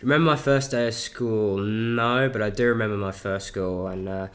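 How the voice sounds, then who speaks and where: Speaking at normal speed in a fairly low, steady voice, a South Australian teen of seventeen films a casual Q&A vlog for YouTube, rambling with lots of fillers and swear words.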